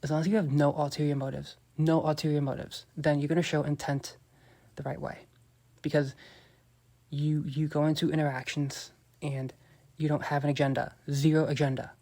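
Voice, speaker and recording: A man's voice: a little high, little pitch movement, normal speed, a little mellow. A man hosting a dating-advice podcast, talking emphatically and cockily, swearing and repeating his points to listeners he keeps calling "you guys.". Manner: profane and cocky. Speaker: dating coach podcast host. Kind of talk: coaching podcast monologue.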